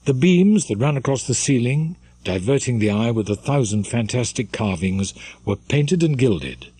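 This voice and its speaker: A man reading a classic novel aloud in scripted audiobook narration, measured and expressive. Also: medium pitch, slightly rough, dry recording. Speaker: audiobook reader.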